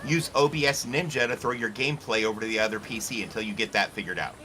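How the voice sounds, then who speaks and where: A man's voice: on the low side, fairly even intonation, quick pace, background noise. A man on a casual voice chat, giving blunt, profane, confident advice about streaming.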